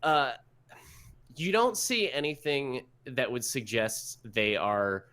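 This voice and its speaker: A man's voice: medium pitch, sing-song, slow, pushed and bright. A man narrating a tabletop game as game master, rambling with many fillers.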